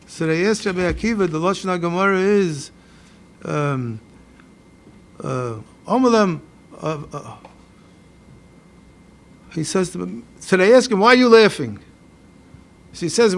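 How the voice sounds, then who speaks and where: A man's voice: high-pitched, fairly bright tone. A man with a Yeshivish American accent giving a Torah lecture as a rabbi, mixing Hebrew and Yiddish phrases into his English as he reads texts and questions them. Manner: questioning, builds up a puzzle.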